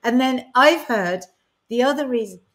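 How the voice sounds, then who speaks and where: Woman cohosting a podcast, chatty, laughs a lot, voice sits a bit high. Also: lively intonation, normal speed, crowd noise. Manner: chatty, reads out comments, laughs often. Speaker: podcast co-host. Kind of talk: casual chat.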